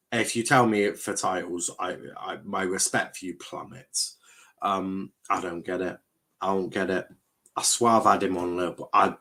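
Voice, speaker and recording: A man's voice: on the low side, a bit bright. A young man hosting a live football watchalong, chatting casually with viewers, rambling, stumbling over words and swearing now and then. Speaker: watchalong streamer host. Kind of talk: casual live-stream chat reading viewer comments.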